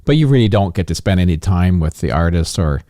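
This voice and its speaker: Deep, mellow male host. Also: lively intonation, fast, no room sound, clean studio sound. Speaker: podcast host. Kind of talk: casual interview chat.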